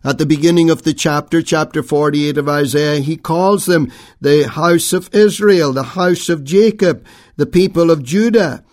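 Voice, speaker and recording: A man preaching a sermon, reading scripture and then expounding it in a measured, emphatic way with frequent pauses. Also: fairly high pitch, a little mellow. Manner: King James phrasing when reading scripture.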